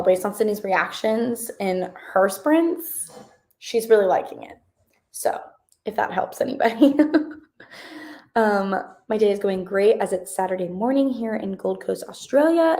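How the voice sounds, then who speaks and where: A woman's voice: mid-range voice, a little mellow. A young woman in her twenties hosting a live reading stream, chatting casually and answering comments in a bubbly, rambling way. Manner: bubbly and chatty, reading chat comments aloud, many fillers. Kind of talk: casual livestream chat.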